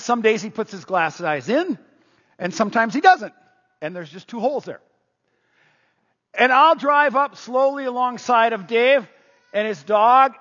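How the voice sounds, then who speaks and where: A man preaching to his congregation in a conversational, animated way, pausing to get them to shout answers back. His voice sits high and a little husky. The recording is muffled, with a long echo from a large hall. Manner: animated, conversational storytelling with audience prompts. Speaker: pastor. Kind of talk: sermon.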